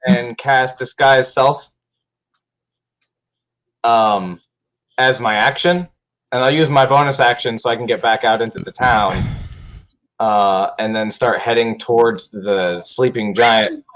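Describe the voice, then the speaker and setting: A man's voice: mid-range voice, slow pace, pauses often, fairly bright tone, low-quality recording. Chatty man playing a tabletop game. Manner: chatty, hesitant, with many fillers. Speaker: player. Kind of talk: casual tabletop game play.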